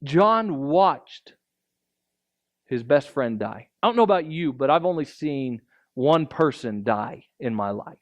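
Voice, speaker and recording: A man's voice: medium pitch, lively intonation, slow pace. A male pastor preaching a sermon in a conversational way, peppering his points with rhetorical asides.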